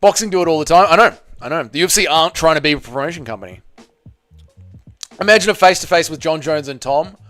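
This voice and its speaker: A man with a fairly high-pitched voice hosts a live fight watch party. His commentary is blunt, excitable, and casual, full of free swearing as he reads chat.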